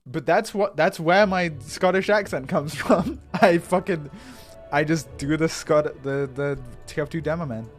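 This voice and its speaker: A man's voice: on the high side, unhurried. A young man streaming a game, chatting casually, swearing, laughing and stumbling over words. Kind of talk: live game stream chat. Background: faint game music.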